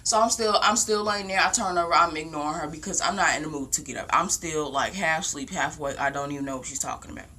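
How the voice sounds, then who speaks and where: A young woman casually telling a long story at home, rambling and animated, with lots of "like". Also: sits low, quick pace, hardly any pauses, slight background noise. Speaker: vlogger. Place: home, indoors.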